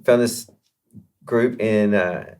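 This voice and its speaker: Gravelly low-voiced man telling a story. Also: takes it slowly. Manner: chatty, animated, lots of fillers and restarts. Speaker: guest musician. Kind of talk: casual interview storytelling.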